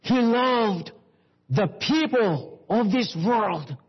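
A man preaching a sermon, slowly telling a story and quoting scripture. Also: sits high, animated, breathy edge. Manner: slow, sweeping preaching with Bible quotes. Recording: dull reverberant hall recording.

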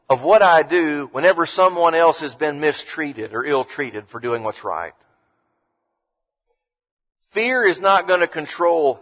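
A man's voice: fairly high pitch, lively intonation. Emphatic preacher man in a reverberant hall. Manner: emphatic preaching, slows to read verses. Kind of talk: sermon. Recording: dull lo-fi sound with long hall reverb.

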